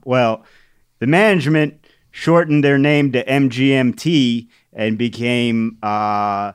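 A man's voice: mid-range voice, slow, clear, resonant tone, no room sound, clean studio sound. A man co-hosting a casual podcast chat about crossword puzzles, telling anecdotes and laughing often. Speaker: podcast co-host.

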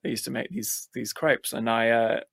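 A man's voice: mid-range voice, moderate pace, creaky, a bit bright. A man with an English accent, a guest in a casual interview, talking in a dry, rambling way with many restarts. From United States. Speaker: musician guest.

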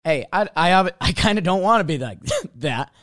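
A man co-hosting a sports podcast, chatty and often laughing, with halting restarts. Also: sits high, expressive, fairly bright tone, no room sound, studio quality. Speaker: podcast co-host. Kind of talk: casual sports talk.

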